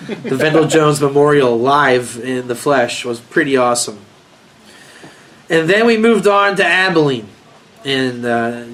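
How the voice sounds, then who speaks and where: A man's voice: medium pitch, a bit bright. A man with a South African accent, a rabbi telling a rambling story in a casual class, chuckling and restarting his sentences.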